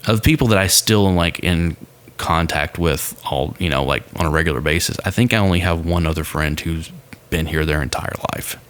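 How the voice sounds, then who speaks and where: A man's voice: extremely low pitch, brisk, fairly bright tone. A man co-hosting a casual podcast chat, rambling with lots of fillers and restarts. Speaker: podcast co-host. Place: home studio with his dog nearby.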